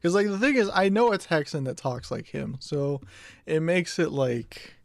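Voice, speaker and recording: A man's voice: on the high side, expressive, normal speed, vocal fry, no echo, studio quality. A man chatting on a stream, laughing often and hedging with lots of fillers. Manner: laughs a lot, hesitant, filler-heavy. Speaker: stream co-host. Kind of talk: casual chat.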